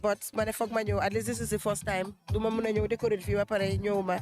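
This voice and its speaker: Woman interviewee, hoarse from two days outdoors, chatty and laughing, music loud behind her. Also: mid-range voice, flat delivery, quick pace. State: losing her voice. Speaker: interviewee, event decorator and shop owner. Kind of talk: casual interview mixing Wolof and English. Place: outdoor gala event.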